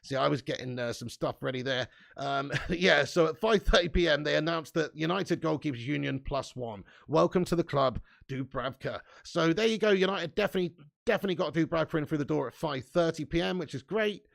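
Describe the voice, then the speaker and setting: A man's voice: fairly high pitch, fairly quick, gravelly. A young man hosting a casual live stream, reading out viewer comments in a chatty, laddish way with frequent laughs and swearing. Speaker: fan channel host reading live chat.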